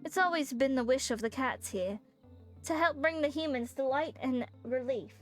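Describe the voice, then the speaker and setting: Solemn ancient shrine spirit, a woman doing it, put-on semi-Australian/British accent, high voice, slow game narration. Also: soft background music, natural voice. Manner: slow, solemn storytelling reading.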